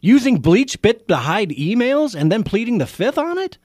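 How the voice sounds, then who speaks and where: A man hosting talk radio, voice pitched a little high and swinging widely as he grows indignant. He fires off rhetorical questions and often restarts mid-sentence. The studio sound is dry and close. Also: big pitch swings, normal speed, darkish tone, no echo. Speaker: radio talk show host. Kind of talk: political talk radio commentary.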